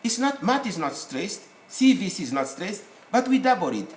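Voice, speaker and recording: A man's voice: high-pitched, very animated, normal speed. A man giving a recorded lesson as a teacher, explaining rules step by step and spelling out the letters of his examples. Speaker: English teacher. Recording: echoey room with faint noise.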